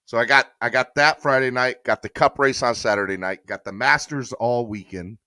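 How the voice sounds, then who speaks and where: A man's voice: mid-range voice, normal speed, sharp tone, no room sound. A man hosting a casual sports podcast live stream, rambling chattily and reading viewer comments aloud. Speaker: podcast host.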